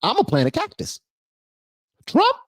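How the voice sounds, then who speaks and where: A man's voice: very high voice, huge pitch swings, a little slow, fairly bright tone, dry recording, pitched above the performer's own voice, exaggerated voice. A man putting on a mocking voice of a female politician, rambling in slang about redecorating. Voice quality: rambling, slangy and sing-song.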